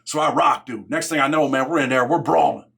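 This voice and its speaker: A man's voice: mid-range voice, fairly quick, vocal fry, fairly bright tone, husky. A man hosting his own show, telling a story in a casual, streetwise, profane way and dropping "man" into nearly every phrase. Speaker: host.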